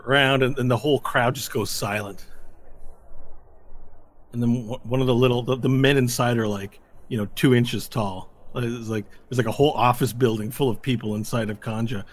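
A man running a tabletop game as game master, narrating in lively, rambling descriptions. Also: mid-range voice, slight background noise.

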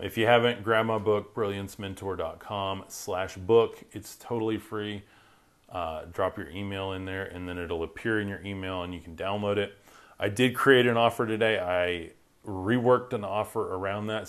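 Very deep-voiced man hosting a faith live stream. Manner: upbeat, rambling, reads viewer comments aloud. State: voice worn from talking. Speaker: Christian podcast host. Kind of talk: casual live-stream chat.

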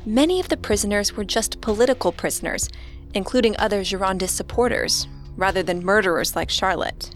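Female podcast co-host, mid pitch, steady scripted true-crime narration, faint music. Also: a little fast.

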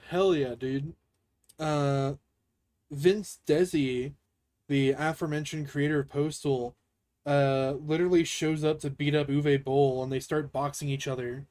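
A man's voice: fairly high pitch, fairly even intonation, unhurried, long pauses, a little mellow, no echo. A young man co-hosting a podcast review, joking crudely and laughing often. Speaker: podcast co-host. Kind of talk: casual review chat.

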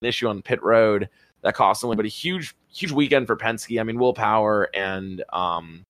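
A man telling a rambling, excitable story as a podcast co-host, swearing casually. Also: on the low side, moderate pace, dry recording. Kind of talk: casual chat.

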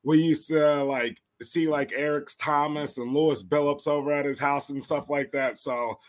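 A man's voice: on the high side, steady tone, moderate pace. A man joining as a guest, casually telling a laid-back story. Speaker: contest winner guest. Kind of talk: casual interview chat.

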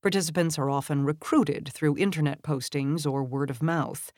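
A woman giving a measured, scripted narration of a long magazine article, lifting her voice when she reads quoted lines. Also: low-pitched, steady tone, darkish tone, dry recording, clean studio sound.

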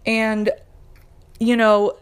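Young woman, podcast host, slightly high voice; candid, encouraging, personal. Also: completely flat delivery, drawn-out words, smooth. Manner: earnest, encouraging, candid with light laughs. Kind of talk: personal mental health podcast talk.

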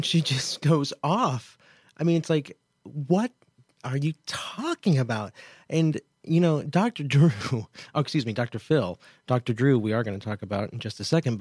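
A man's voice: medium pitch, darkish tone, dry recording, clean studio sound. A man hosting a radio talk show, commenting casually in a digressive, self-interrupting, incredulous way. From Kansas, USA. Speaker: host.

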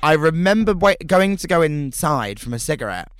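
A man who performs cabaret and drag, talking in a casual podcast chat, animated and full of quoted voices. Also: a little high, normal speed, smooth, no room sound, clean studio sound.

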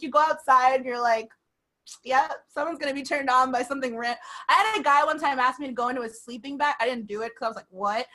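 Woman, high bright voice, giggly, casual chat, lots of fillers. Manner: giggly, frequent laughter, filler-heavy.

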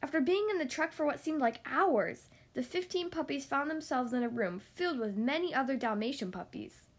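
A woman reading a children's storybook aloud in a gentle, expressive manner. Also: high-pitched, normal speed.

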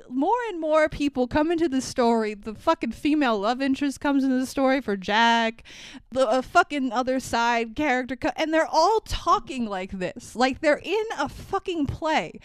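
A woman co-hosting a casual podcast, talking in an animated way, swearing freely and laughing often. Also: sits high, moderate pace, smooth, no room sound. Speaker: podcast co-host. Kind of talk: casual chat about movies.

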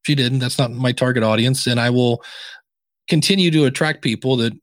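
A man's voice: mid-range voice, fairly quick, dry recording. A man speaking as a podcasting guest and author in a casual interview, telling stories and acting out the other voices in his anecdotes. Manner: animated storyteller acting out quoted exchanges.

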